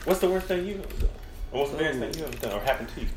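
Man, podcast host, brash and laughing, quick, roomy sound. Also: a little high, animated, a little hiss or hum. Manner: brash, crude, laughing storyteller. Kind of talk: casual chat. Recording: roomy echo.

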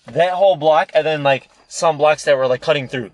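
A man's voice: fairly high pitch, a little fast, no echo. A young man telling a rambling story in casual podcast chat, swearing often and acting out what people said. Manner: rambling, heavy swearing, acts out quoted voices. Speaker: podcast co-host. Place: indoor room, podcast recording.

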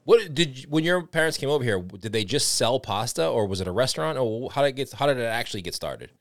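A man with a Boston accent hosting a podcast interview, upbeat and chatty and quick to laugh, speaking into a studio condenser mic. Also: medium pitch, expressive, dry recording. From Boston area, USA. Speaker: podcast host. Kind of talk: casual interview chat.

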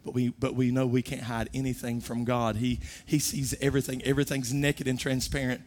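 Man, middle-aged pastor, sermon delivery, rises from hushed to loud. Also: medium pitch, little pitch movement, a little fast, a little hiss or hum. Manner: preaching with swells from soft to loud.

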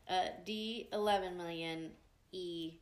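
Her pitch sits fairly low and her tone stays steady as she speaks at a slow pace. She's a young podcast co-host in casual conversation, playfully reading quiz questions and laughing along. Echo from the room and a faint hiss come through on the recording.

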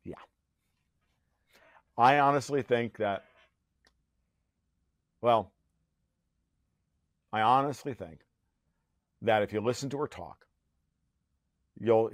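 A man's voice: lowish voice, dry recording, clean studio sound. A man speaking as a podcast guest in a heated, profane rant, full of restarts and sarcastic jabs. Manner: profane, rapid restarts and filler-heavy; sarcastic and mocking. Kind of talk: heated conversational ranting.

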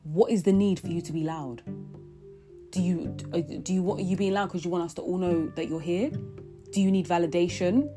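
A woman's voice: lowish voice, fairly even intonation, brisk. A young woman talking through her feelings in an earnest, rambling way, full of restarts and fillers. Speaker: vlogger. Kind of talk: reflective personal monologue. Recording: guitar music under the voice. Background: guitar music.

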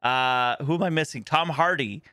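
Profane, bright-voiced podcast guy. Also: on the high side, normal speed, clear, resonant tone, no echo, clean studio sound. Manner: loose, profane, laughing, trailing restarts. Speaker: podcast co-host. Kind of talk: casual chat.

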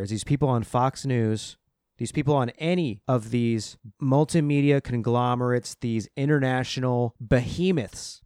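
A man's voice: mid-range voice, normal speed, darkish tone, clean tone, no room sound, studio quality. A man hosting a political commentary show, ranting in a heated, sarcastic and profane way. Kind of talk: ranting solo podcast commentary.

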